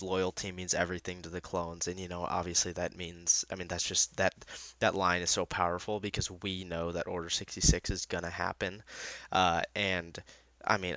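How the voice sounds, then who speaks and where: Deep-voiced man gushing in a rambling review. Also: no room sound. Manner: excitable and rambling, many fillers and restarts. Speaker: fan reviewing a TV episode. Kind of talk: casual spoken review.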